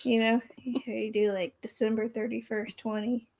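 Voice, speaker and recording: A woman's voice: on the high side, flat delivery, normal speed, vocal fry, a little mellow. A woman co-hosting a casual live stream, playful and self-mocking, who sometimes stumbles over her words. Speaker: co-host.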